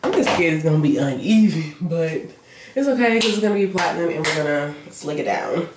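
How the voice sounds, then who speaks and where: A woman's voice: low-pitched, expressive, a little fast, roomy sound, noisy background. A young woman, chatting casually and playfully in a self-filmed vlog, swearing freely. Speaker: vlogger.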